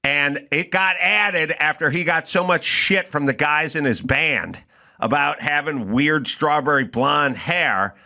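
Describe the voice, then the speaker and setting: A man hosting a comedy talk show, telling an animated, ranting story in a studio. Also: on the high side, measured pace, vocal fry. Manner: animated, ranting, yelling in retold scenes. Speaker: host.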